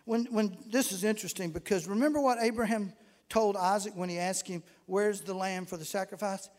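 A man's voice: high voice, a little fast. A man preaching a fervent, folksy sermon and reading scripture aloud in a church. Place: church sanctuary. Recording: echoey hall with long reverb.

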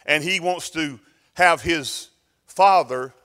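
A pastor, telling a story and building to loud, fervent preaching in a sermon. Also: male voice, fairly high pitch, takes it slowly, long reverb tail.

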